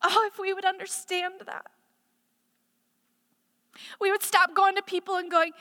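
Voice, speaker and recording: A woman's voice: extremely high pitch, level tone, a little slow, pauses often, sharp tone. A woman preaching a sermon in an impassioned way, building to emphatic declarations, in a church sanctuary. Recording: echoey hall reverb.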